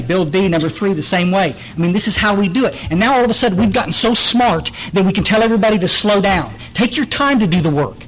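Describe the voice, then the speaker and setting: Blunt man, older, fairly high voice. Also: slight background noise, low-quality recording. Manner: direct, blunt, storytelling with many restarts. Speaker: AA speaker. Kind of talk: recovery meeting talk. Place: recovery meeting room.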